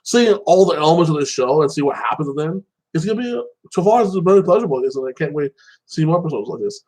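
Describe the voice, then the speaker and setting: A man's voice: on the high side, expressive, racing, darkish tone, low-quality recording. A young man in casual solo chat, rambling about a TV show and padding his sentences with "like this" and "like that". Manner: rambling, fills with "like this" and "like that". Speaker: show commentator.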